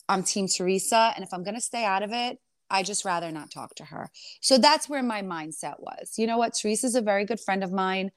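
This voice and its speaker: Woman guest, mid pitch, dry close audio, emphatic and indignant, lots of rhetorical questions. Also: dry recording. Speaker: reality TV star guest. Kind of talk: animated interview storytelling.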